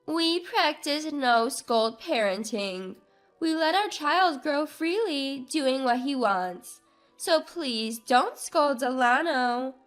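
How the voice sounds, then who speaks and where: A woman's voice: on the high side, expressive, slow pace, hardly any pauses, soft background music. A woman voicing a smug young mother who lectures with false sweetness and a raised voice. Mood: lecturing.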